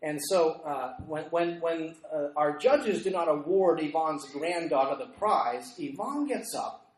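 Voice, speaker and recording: A middle-aged man delivers a sermon as a lively story, acting out the people in it. His voice sits a little high, and it rings around an echoey church room. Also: slow pace. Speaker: preacher.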